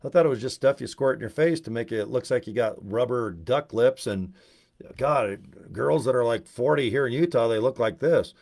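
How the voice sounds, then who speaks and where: A man's voice: medium pitch, moderate pace, gravelly, darkish tone. A man in a rambling, joking casual video chat, going off on tangents while promoting a business. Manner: joking, tangents, puts on silly voices. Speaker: network marketing promoter. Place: Utah.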